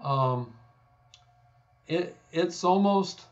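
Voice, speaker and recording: A man's voice: on the high side, expressive, very slow, dull audio. A man from Texas with a Texan accent, talking through ideas in a thoughtful, self-deprecating way with many fillers and restarts. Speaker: guest scholar. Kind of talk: conversational explanation.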